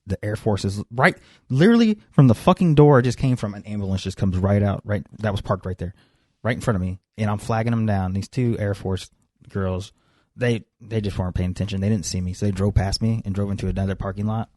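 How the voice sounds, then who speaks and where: A young man tells a story in a relaxed podcast chat, swearing freely. His voice sits a little low and sounds dark and mellow. The room sounds dry. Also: brisk, dry recording. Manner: profane, animated storyteller. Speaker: podcast co-host.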